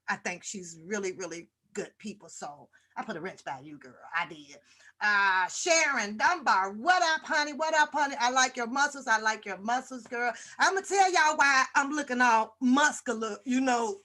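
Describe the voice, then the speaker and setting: A brash woman hosting a livestream, joking and swearing freely as she greets her viewers one by one. Her voice sits a little high and sounds bright and forceful. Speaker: livestream host.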